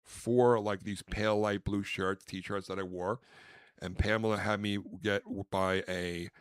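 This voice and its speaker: A man with a fairly low voice tells a rambling comic story on a podcast, getting louder and more animated as he acts out the people in it. The recording is close and dry. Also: a little slow, smooth, no echo. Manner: animated, acts out quotes loudly. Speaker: podcast co-host, comedian. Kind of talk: casual storytelling.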